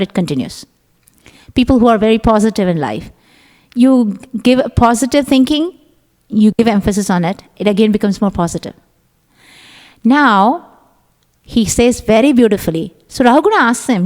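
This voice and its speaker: A woman's voice: a little high, expressive, moderate pace, a little mellow. A woman giving a conversational scripture class to a temple group, sometimes acting out her own thoughts in quotes. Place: temple hall. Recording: echoey temple hall.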